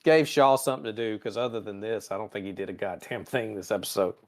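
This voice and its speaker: A man's voice: fairly low pitch, darkish tone. A man hosting a podcast, casually recapping a TV episode in a profane, storytelling way. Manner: profane, storytelling with quick character voices. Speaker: podcast host.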